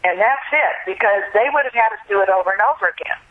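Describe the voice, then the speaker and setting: An older woman from the American South chats and reminisces as an interview guest, relaxed and quick to laugh. Her voice comes through a narrow, tinny phone line. It sits at an ordinary middle pitch. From US South, Alabama. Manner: chatty, reflective, laughs easily. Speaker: guest, singer. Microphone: telephone.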